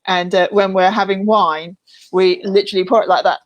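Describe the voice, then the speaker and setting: A woman's voice: mid-range voice, fairly even intonation, a little fast, highs cut off. A woman co-hosting a casual video podcast from a room in a mountain house, playful and teasing. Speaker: podcast co-host.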